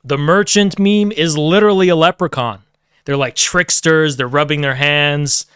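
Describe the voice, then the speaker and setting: A man's voice: fairly high pitch, steady tone, normal speed, a bit bright, clear, resonant tone, no echo, clean studio sound. A man ranting sarcastically on a stream, rambling and laughing often between sentences. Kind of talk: casual political rant.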